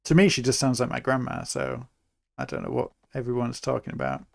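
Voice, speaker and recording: A young man from England giving relaxed, chatty live commentary while he plays a city-building game, thinking aloud as he goes. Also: mid-range voice, a little fast, gravelly, no echo, clean studio sound. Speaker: streamer.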